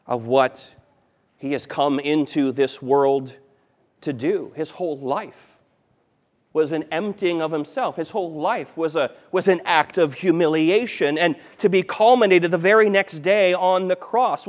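A man preaching a sermon as pastor, emphatic, repeating key phrases and swinging between loud stress and quiet. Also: a little high.

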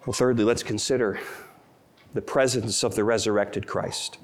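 A man's voice: lowish voice, fairly even intonation, moderate pace. A middle-aged man preaching a sermon as pastor, earnest and tender, rising to emotional peaks.

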